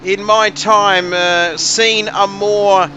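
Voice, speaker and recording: A man doing excitable, joking play-by-play commentary on a sim race. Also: high voice, drawn-out words, lo-fi sound, slight background noise.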